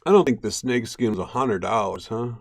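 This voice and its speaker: A man's voice: lowish voice, lively intonation, normal speed, creaky, dry recording. Laid-back man chatting while panning gold. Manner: laid-back, chatty, laughs often, talks to viewers and his cat. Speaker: gold prospecting livestream host. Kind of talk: casual live-stream chat while panning.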